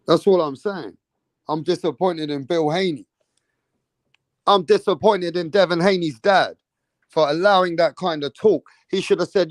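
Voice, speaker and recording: A man's voice: fairly high pitch, normal speed, no echo. A man, a boxing channel host, ranting indignantly in heated casual commentary with heavy swearing.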